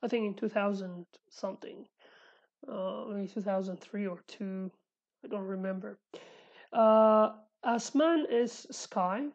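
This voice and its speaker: A woman with a Sulaymaniyah Kurdish accent teaching vocabulary in a casual lesson, repeating words slowly and correcting herself with chatty asides. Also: mid-range voice, a little mellow, highs cut off. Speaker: language teacher.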